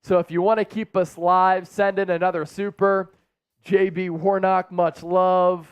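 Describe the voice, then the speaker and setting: A high-pitched man hosting a sports live stream, talking in an unhurried way to his viewers with a smooth voice. He stays hyped and keeps thanking people for their donations. The room sounds dry, with faint music underneath. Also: flat delivery, no echo. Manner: hyped, talks straight to the viewers.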